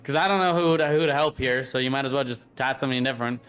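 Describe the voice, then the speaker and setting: A man's voice: mid-range voice, rapid-fire, a bit bright, clear, resonant tone, soft background music. A young man playing a tabletop game, talking casually and thinking aloud with fillers. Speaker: player.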